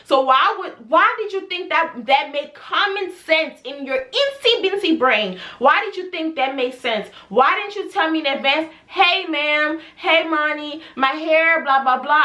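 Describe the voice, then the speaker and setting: A young woman tells a storytime vlog to her camera, exasperated and animated. Her voice sits high and sounds bright and clear. She keeps firing off rhetorical questions about a client. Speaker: hairstylist and vlogger.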